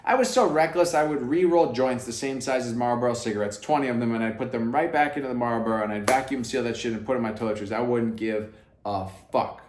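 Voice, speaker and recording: A man telling a story to camera in a brash, profane way, swinging between hushed asides and loud emphatic bursts. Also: medium pitch, quick pace, reverberant. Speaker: vlogger.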